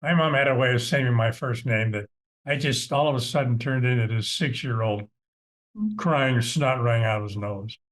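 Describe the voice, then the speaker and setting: A man's voice: medium pitch, normal speed, a bit bright. A middle-aged man, a financial advisor hosting a radio talk show, talking in a conversational, folksy, anecdotal way.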